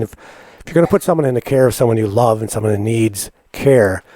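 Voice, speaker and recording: Mellow-voiced man chatting, dry. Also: mid-range voice, no room sound. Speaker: podcast co-host. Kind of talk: casual chat.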